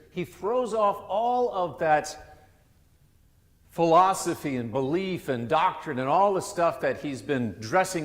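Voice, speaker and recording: A male pastor giving a sermon in a conversational, loose way, often restarting his sentences. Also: mid-range voice. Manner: conversational, with frequent restarts and asides. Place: church sanctuary. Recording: long church reverb.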